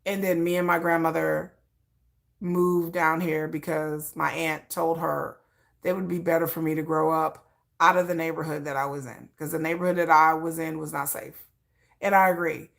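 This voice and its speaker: A woman's voice: sits low, level tone, normal speed, creaky. A middle-aged woman from Michigan with a slight Texan tinge, talking frankly in an interview and often repeating herself and restarting. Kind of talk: candid personal talk.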